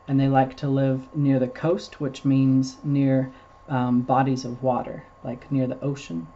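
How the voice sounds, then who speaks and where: A man reading picture books aloud to preschoolers at a slow, unhurried pace, stopping to explain words in simple terms. His voice is mellow and warm. The recording sounds a little muffled, with a faint hiss underneath. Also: mid-range voice, monotone. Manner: slow, patient explaining for small children. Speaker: storytime host reading to preschoolers. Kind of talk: children's read-aloud storytime.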